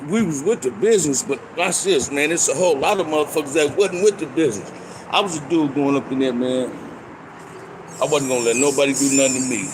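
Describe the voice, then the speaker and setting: An older man telling stories from his past in casual street slang, and he gets animated when he reenacts fights. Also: fairly high pitch, noisy background. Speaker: storyteller recounting prison life. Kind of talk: casual storytelling monologue.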